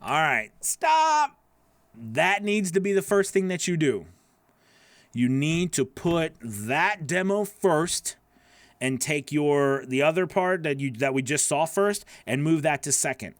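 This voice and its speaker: A man's voice: on the high side, expressive, unhurried, no room sound. A man coaching voice-over artists, reviewing their work live in a chatty, encouraging way with lots of fillers.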